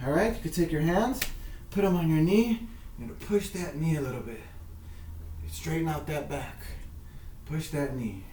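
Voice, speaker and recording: A man coaches children through yoga poses with slow, encouraging, repeated cues. His voice sits a little high. He is recorded from a distance in an echoey room with faint background noise. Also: darkish tone. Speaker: kids' yoga instructor. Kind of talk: guided workout instruction. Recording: echoey room, mic far off.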